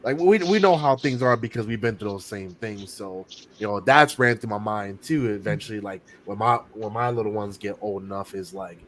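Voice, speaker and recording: A man's voice: fairly low pitch, moderate pace, a little hiss or hum. Thoughtful man in casual podcast chat. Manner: reflective, thoughtful, a bit hesitant.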